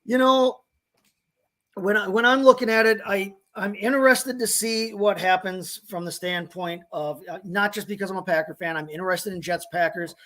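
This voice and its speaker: This man has a fairly high voice for a man and talks fantasy football in a loose, casual way. He wanders through his points with lots of restarts and hedging, sounding like a co-host riffing on a live show. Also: moderate pace, a bit bright. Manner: rambling, lots of restarts and hedges. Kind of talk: casual sports chat.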